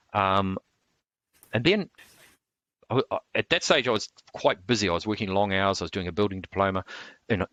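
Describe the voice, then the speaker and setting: A man's voice: lowish voice, bright, forceful tone, no room sound. A man being interviewed as a martial artist, telling long rambling stories with many restarts. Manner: rambling, full of restarts and fillers. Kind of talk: casual storytelling interview.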